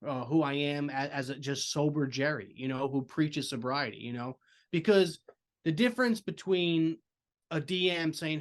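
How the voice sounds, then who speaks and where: A man's voice: a little high, normal speed. A man speaking earnestly as a podcast guest in casual chat, leaning on filler phrases.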